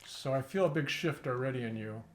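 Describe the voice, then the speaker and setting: A man coaching an acting student, gentle and encouraging, guiding with probing questions. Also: medium pitch, fairly quick. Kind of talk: coaching feedback in acting class.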